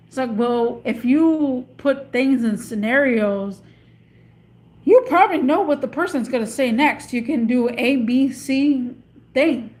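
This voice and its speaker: Chatty woman with a slightly high voice. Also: unhurried, a little mellow. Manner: chatty, meandering, searches for words. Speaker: vlogger. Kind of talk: casual rambling monologue. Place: in or beside a parked car.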